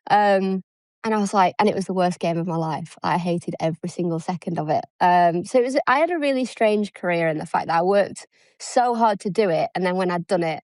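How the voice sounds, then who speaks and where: A woman's voice: fairly low pitch, fairly quick, a little mellow, no room sound. Chatty self-deprecating English woman. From England. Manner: chatty, self-deprecating, acts out quoted dialogue. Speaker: guest, former international cricketer. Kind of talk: casual interview chat.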